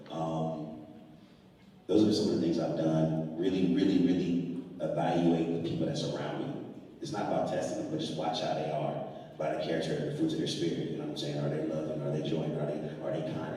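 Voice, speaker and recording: Man, very deep flat voice, quick earnest panel talk, distant echoey hall. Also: a little hiss or hum. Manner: earnest, streetwise, addresses listeners as bro.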